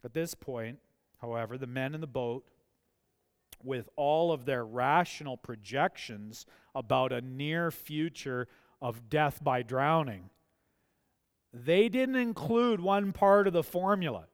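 A man's voice: mid-range voice, expressive, takes it slowly, in a large hall. A man preaching a sermon as a pastor, speaking with impassioned emphasis in a church. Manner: impassioned, rising to emphatic pleas.

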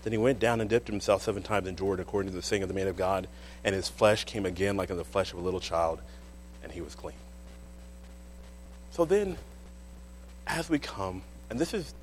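A man preaching a sermon in church, telling the story with animated, dramatic delivery. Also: mid-range voice, a little hiss or hum.

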